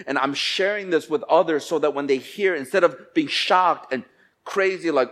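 A male pastor, his voice on the high side, preaches in church. He alternates between slow, hushed lines and loud outbursts while acting out quoted voices.

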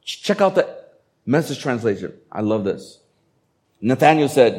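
A man preaching a sermon as a pastor, speaking in a conversational, animated way and acting out quotes. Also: medium pitch, moderate pace, long pauses.

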